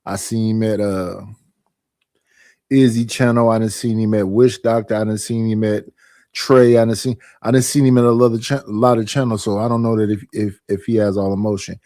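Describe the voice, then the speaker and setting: A man's voice: fairly low pitch, steady tone, fairly quick, mellow, no echo. Man chatting casually, dry close sound. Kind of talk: casual stream chat.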